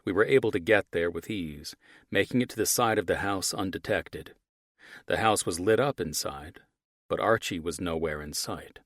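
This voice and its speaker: Male audiobook narrator, very deep voice, gruff, first-person narration, dry close mic. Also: no echo. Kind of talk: scripted narration.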